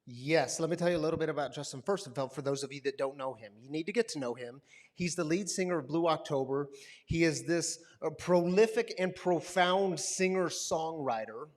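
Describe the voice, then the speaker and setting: This fairly high-pitched man speaks at a brisk clip while preaching to a live crowd in a gathering hall. He leads a recovery community, and he brings his sermon story to life by performing the quotes and buzzing noises.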